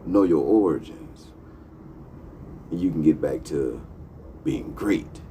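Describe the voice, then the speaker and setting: A man's voice: rumbling low, expressive, slow, vocal fry, warm tone, slight background noise. A man hosting a talk show, delivering a profane, impassioned monologue. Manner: profane, heated, emphatic. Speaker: podcast host.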